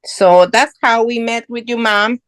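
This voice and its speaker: Her pitch fairly high and her pace measured, a middle-aged woman from Guatemala tells her story as a podcast guest in conversational English. She sounds earnest and proud, with non-native phrasing, and there's no room sound.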